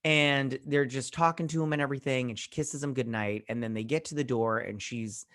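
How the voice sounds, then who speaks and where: A man's voice: mid-range voice, fairly even intonation, a little fast, a bit bright. A man hosting a TV review channel, recapping an episode in a casual, rambling way with lots of fillers and restarts. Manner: heartfelt, saying he feels choked up.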